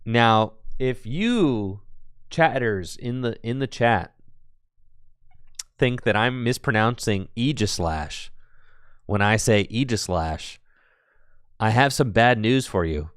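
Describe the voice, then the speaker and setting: Male stream commentator, chatty and joking, clear smooth voice with no room sound. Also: fairly low pitch, lively intonation, takes it slowly, long pauses, no echo, studio quality. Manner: chatty and playful, laughs often, answers chat. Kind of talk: casual live-stream commentary.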